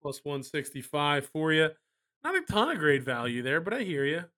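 A man's voice: a little high, sing-song, bright, forceful tone. A man hosting a casual sports betting podcast, wry and given to playful rants. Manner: wry, ranting, quick banter. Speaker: podcast host.

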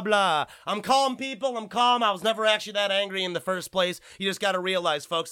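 A man's voice: high voice, bright, forceful tone, no room sound. A man hosting a gaming podcast, ranting with lots of swearing and fired-up outbursts. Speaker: podcast host.

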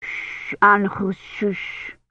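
A woman voicing a gentle young medieval mother who speaks softly and hushes her child in a storybook reading, in a dull, lo-fi recording. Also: a little high, a little slow, dry recording, pitched above the performer's own voice. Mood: soothing. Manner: soft, hushing. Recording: dull, lo-fi, dry.

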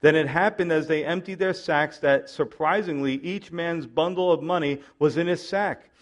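Animated high-voiced male Bible teacher. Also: normal speed. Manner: animated, acts out characters' lines with conversational asides. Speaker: pastor.

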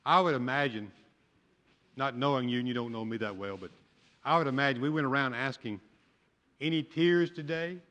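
A man's voice: medium pitch, fairly quick, sharp tone. An older man, a pastor, preaching a sermon with folksy storytelling and humor. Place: church sanctuary. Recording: long church hall reverb.

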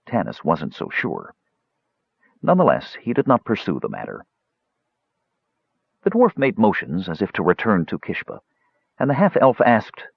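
A man narrates an audiobook in a measured storytelling manner. His low voice is gravelly and husky with wide pitch swings. The recording is dry, close and dull. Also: wildly swooping pitch, dry recording.

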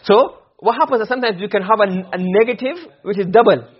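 A man teaching Arabic grammar in a classroom, keeps quizzing his students with quick questions. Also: sits high, slightly rough. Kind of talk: classroom lesson. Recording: muffled lo-fi classroom recording.

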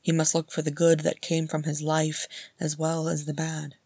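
A woman reading a story aloud in a steady storytelling manner, close to the mic. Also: low-pitched, moderate pace, no echo. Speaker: audiobook narrator. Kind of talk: fan fiction reading.

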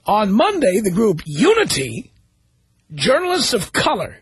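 A man's voice: sits high, wildly swooping pitch, measured pace. A man hosting a talk radio show, reading news stories aloud and commenting on them sarcastically.

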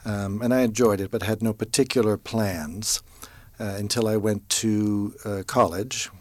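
Low-voiced American man in his fifties. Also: steady tone, no echo. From United States. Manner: measured, thoughtful, with frequent filler pauses. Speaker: interview guest, interpreter. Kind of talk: relaxed storytelling in an interview.

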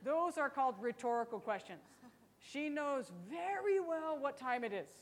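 A woman's voice: high voice, lively intonation, normal speed, in a large hall. A woman teaching a Bible study lesson in a chatty, teasing way, often asking rhetorical questions.

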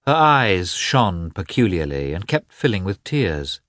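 Man, audiobook narrator, deep voice, husky, dry close sound. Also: big pitch swings, a little slow, a bit bright, dry recording. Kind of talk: scripted narration.

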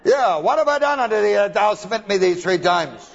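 A man voicing a put-upon old female donkey who protests in a high, squawking voice while retelling a scripture story. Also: animated, moderate pace, creaky, muffled recording. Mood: indignant.

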